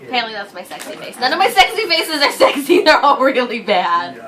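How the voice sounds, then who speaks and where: A young woman with a bright, high voice, firing off giggly quips in casual vlog chat. She acts out little scenes as she talks. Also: very animated, brisk, a faint crowd. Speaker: vlog co-host.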